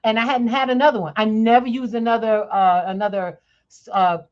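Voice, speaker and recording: A woman hosting a podcast, telling a story in a lively, chatty way and laughing often. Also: a little high, a little fast, dull audio. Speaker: podcast host. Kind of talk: casual chat, storytelling.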